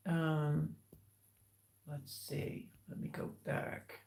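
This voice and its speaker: Speaking at a normal pace in a low, gravelly voice with fairly even intonation, an older woman hosts a live stream in a roomy-sounding room. She casually tells rambling family stories and reads out what viewers write.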